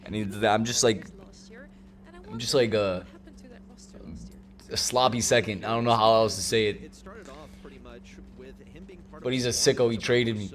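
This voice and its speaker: A young man hosting a stream, chatting loudly and joking in a rambling, casual way at a desk mic. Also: on the low side, steady tone, measured pace, pauses often. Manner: loud, joking, rambling banter. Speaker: streamer host. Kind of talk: casual chat.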